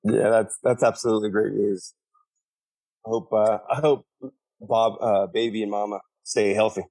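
Laid-back man with a lowish voice. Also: fairly even intonation, moderate pace, mellow, poor audio. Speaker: podcast co-host. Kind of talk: casual chat.

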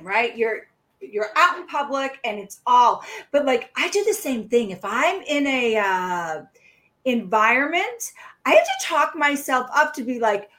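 A woman's voice: on the high side, sing-song, measured pace, a bit bright. A woman hosting a podcast, chatting casually with a guest, encouraging and reflective, with frequent restarts. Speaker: podcast host. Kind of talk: casual interview chat.

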